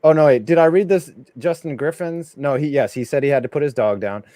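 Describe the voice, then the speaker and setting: A man's voice: fairly high pitch, brisk, mellow, no echo. A man hosting a casual live reaction stream, joking around and reading viewer messages aloud. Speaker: livestream host.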